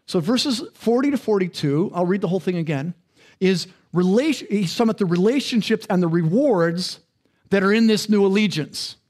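A male pastor giving a sermon with a high voice for a man. He talks casually and keeps turning to the congregation with questions and quick asides. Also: expressive, darkish tone. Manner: conversational, interactive, asks the congregation questions.

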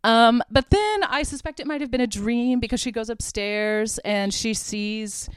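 A woman's voice: on the high side, measured pace, smooth, no echo. A young woman hosting a podcast, casually retelling a movie plot in a chatty way, full of "like" and little laughs. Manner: chatty, heavy use of "like", laughs while retelling. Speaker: podcast host.

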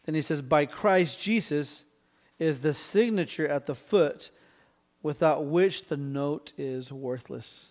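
A pastor works through scripture verse by verse, his voice somewhat high with a darkish tone. He checks in with listeners through quick "right?"s and clears his throat now and then.

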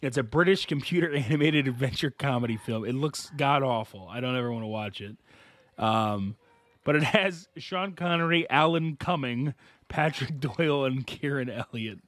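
A man's voice: mid-range voice, animated, moderate pace, a bit bright, dry recording. A man co-hosting a casual movie podcast, joking around and laughing often with mock exasperation. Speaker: podcast host.

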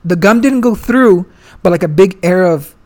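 A man's voice: high-pitched, animated, moderate pace, darkish tone. A young man, a guest, chatting casually and telling a long story, swearing freely and full of slang. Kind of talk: casual chat.

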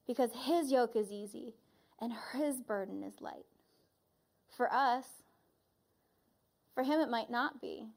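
A woman preaching in an earnest, reflective storytelling manner. Her voice sits a little high for a woman. She speaks as a church leader at the pulpit. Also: slow, gravelly, long pauses, darkish tone. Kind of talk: sermon.

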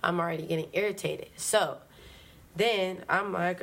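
Woman, low-pitched, storytelling, profane slang, acts out her own lines. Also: normal speed, creaky, fairly bright tone. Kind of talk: casual storytelling.

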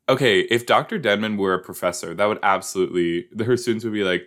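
A man hosting a casual reaction show about a TV episode, excitable and joking, with sudden jumps into high squeals. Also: normal speed, few pauses, clear, resonant tone.

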